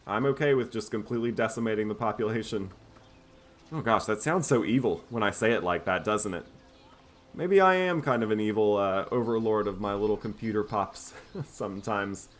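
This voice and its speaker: A man casually commentating his own strategy game playthrough in a relaxed, wry, self-mocking way. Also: on the low side, normal speed. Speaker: gameplay commentator. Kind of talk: casual let's-play commentary.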